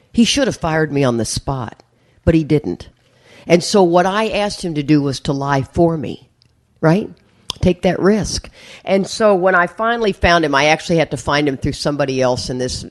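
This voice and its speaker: A middle-aged woman speaking at a recovery meeting, telling a story with laughter and acted-out voices. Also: deep voice. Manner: lively, laughing, acts out voices in her story. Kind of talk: storytelling talk to an audience.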